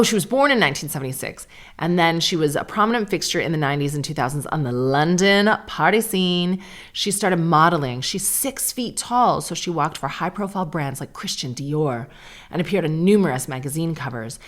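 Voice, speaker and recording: A woman in her forties talks her way through a solo podcast episode in a low, deep-set voice. She is candid and chatty, dropping dry sarcastic asides as she goes. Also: lively intonation, a little fast. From Canada. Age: 40s. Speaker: podcast host. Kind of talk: casual solo podcast chat.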